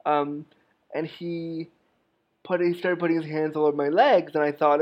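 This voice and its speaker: A man's voice: a little high, steady tone, moderate pace, dull audio. A man giving a personal storytelling talk, frank and humorous, with a wry edge. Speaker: speaker telling stories to an audience.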